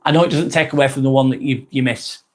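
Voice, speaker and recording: A man's voice: medium pitch, steady tone, fast. An English man hosting a live vlog, reading out chat comments in a casual, rambling way with repeats and fillers. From England. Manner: rambling, repeats himself, frequent ums.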